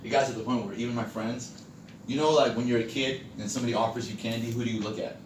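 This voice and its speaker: A man leads a sales training session and tells stories to the group in a conversational way, often stopping to ask the audience questions. He sits at a middle pitch. The mic is far from him in an echoey room, with steady noise behind his voice. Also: fast talker. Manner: conversational storyteller who quizzes the audience. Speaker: sales coach.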